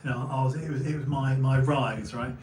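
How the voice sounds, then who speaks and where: A British-accented man from England speaks briskly in a mid-range, slightly mellow voice with a steady tone. He tells stories in a rambling, casual monologue, often repeating and restarting his words. The room is echoey, the mic a bit far, with a little hiss or hum.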